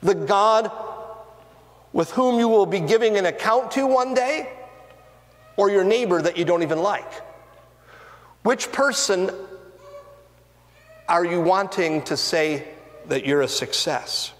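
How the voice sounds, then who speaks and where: A man pastor preaching a sermon in a church sanctuary, earnest and deliberate, with rising and falling emphasis. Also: sits high. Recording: long reverb of a church hall.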